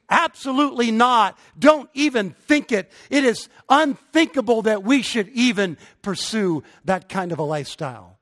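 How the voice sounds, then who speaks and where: A middle-aged male pastor preaches a sermon in a strikingly high voice. Emphatic throughout, he presses hard on his main points and climbs to forceful peaks, sounding like a preacher guiding his congregation through the message.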